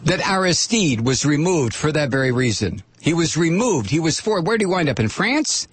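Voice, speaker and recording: A man hosting a political talk radio show, delivering a sarcastic, animated monologue and reading listener messages. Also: a little high, moderate pace, breathy edge. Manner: sarcastic, animated, mock voices for quoted people.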